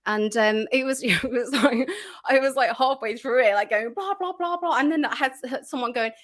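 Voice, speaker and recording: Chatty woman guest, higher voice. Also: steady tone, normal speed. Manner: chatty, many fillers and restarts; acts out her own past reactions. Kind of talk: casual interview chat.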